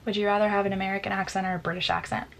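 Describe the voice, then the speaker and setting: A woman's voice: mid-range voice, little pitch movement, very fast, gravelly, slight background noise, rough recording. A woman in her twenties chatting casually through a get-to-know-me question list, giggling often and filling with "like". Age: 20s. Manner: chatty, giggly, many "like" fillers. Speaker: vlogger. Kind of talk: casual Q&A tag video.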